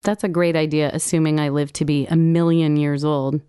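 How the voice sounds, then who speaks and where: A woman reading her own personal essay aloud, with wry, gently humorous storytelling. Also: low voice, little pitch movement, normal speed, smooth, dry recording, clean studio sound. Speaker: blog writer reading her own entry.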